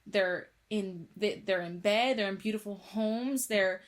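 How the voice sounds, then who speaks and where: A young woman co-hosts a podcast, chatting casually in a medium-pitched voice at a measured pace. She speaks emphatically and tends to repeat words.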